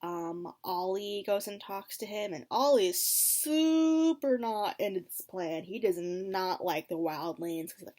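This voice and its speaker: A woman's voice: medium pitch, unhurried, few pauses. Chatty woman recapping an episode. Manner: chatty and expressive, with frequent ums and likes. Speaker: TV episode reaction vlogger.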